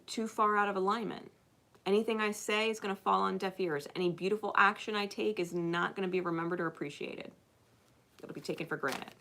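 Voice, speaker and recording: A woman with a bright, ringing voice giving spiritual advice to her viewers, blunt and full of swearing. She moves between loud, emphatic stretches and hushed, intimate ones. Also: on the low side, vocal fry. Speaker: spiritual channel host.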